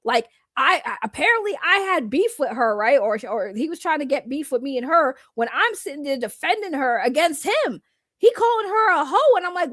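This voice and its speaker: A woman's voice: sits high, very animated, fairly quick, fairly bright tone, dry recording, studio quality. A woman streamer talking in a blunt, profane way and mocking others' words in heated casual talk.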